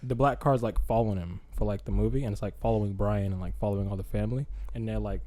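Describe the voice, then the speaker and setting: A man's voice: lowish voice, steady tone, quick pace, warm tone. A young man hosting a podcast, telling a movie idea in a rambling, casual way with lots of fillers and acted-out lines. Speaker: podcast host. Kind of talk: casual chat.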